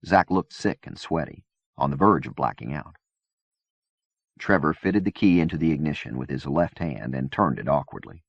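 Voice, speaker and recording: A man reading a novel aloud in measured, even scripted narration. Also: rumbling low, gravelly, husky, no echo. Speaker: audiobook reader. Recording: dull dry cassette-era recording.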